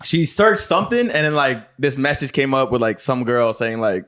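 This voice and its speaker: A man's voice: medium pitch, animated, normal speed, fairly bright tone. A man co-hosting a podcast, telling a rambling story with lots of "like" fillers. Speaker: podcast co-host. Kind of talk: casual chat.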